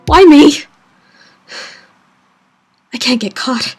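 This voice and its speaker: A woman voicing a panicked man who plans to frame someone for his crime, shouting frantically over game music. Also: high-pitched, extremely slow, voice pushed up. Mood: frantic. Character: panicked male killer scheming to frame someone.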